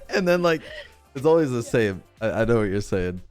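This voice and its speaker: A man hosting a podcast, chatting casually and laughing easily in relaxed banter. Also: mid-range voice, normal speed, soft background music. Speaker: podcast host. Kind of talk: casual chat.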